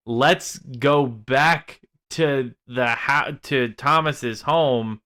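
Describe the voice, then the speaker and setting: Slow-talking man griping about a film. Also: mid-range voice, sharp tone. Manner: rambling, swears freely, restarts often. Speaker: film podcast co-host. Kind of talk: casual film review chat.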